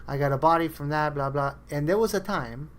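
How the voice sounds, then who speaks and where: Brisk and a little high in pitch, this podcast host chats loosely. He rambles through tales, acting out the lines of the friends he quotes.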